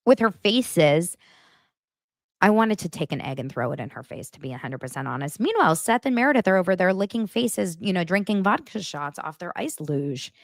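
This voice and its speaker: A woman hosts a gossipy reality TV recap, animated and casually profane. Her voice sits low but leaps around with lively expression. The sound is dry and close to the mic. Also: moderate pace, dry recording. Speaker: host.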